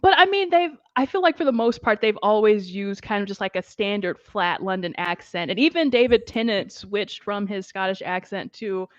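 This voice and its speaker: A woman co-hosting a pop culture podcast, chatty and quick to laugh. Her voice sits at an ordinary middle pitch. The recording is dull and muffled, with a dry, close sound. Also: animated, dry recording. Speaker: podcast co-host. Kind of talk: casual chat.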